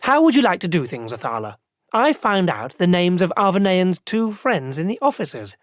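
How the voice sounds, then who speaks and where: A narrator voicing an excitable male opera director who talks brashly and shouts. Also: high-pitched, normal speed, no room sound, clean studio sound. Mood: brisk.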